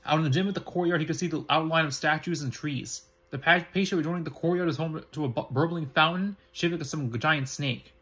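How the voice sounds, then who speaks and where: Fast husky man reading with frequent slips. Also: fairly high pitch, sharp tone. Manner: halting, frequent restarts and slips. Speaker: reader. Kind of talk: reading a fan story aloud.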